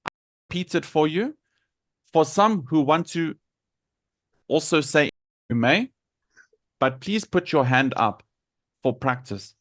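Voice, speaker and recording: A man's voice: fairly high pitch, expressive, slow pace, long pauses, dry recording. A man teaching an English vocabulary lesson, patiently repeating words to model their pronunciation.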